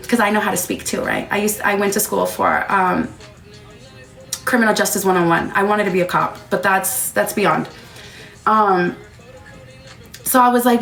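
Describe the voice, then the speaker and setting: A woman in her thirties retelling a tense story to her live audience, quoting others in a fast, heated way. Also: mid-range voice, steady tone, fairly bright tone. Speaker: live streamer. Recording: echoey room with faint music.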